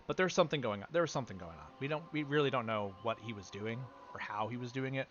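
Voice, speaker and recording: A man's voice: mid-range voice, lively intonation, quick pace, few pauses, fairly bright tone, dull audio, faint music behind. A man casually chatting on a game livestream, rambling and answering his chat. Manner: rambling and talking back to chat. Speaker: game streamer.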